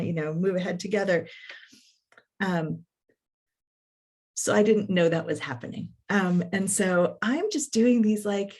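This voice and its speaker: A middle-aged woman coach telling a work story in a podcast conversation, animated and full of quoted dialogue and fillers. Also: lowish voice. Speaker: coach and workshop facilitator.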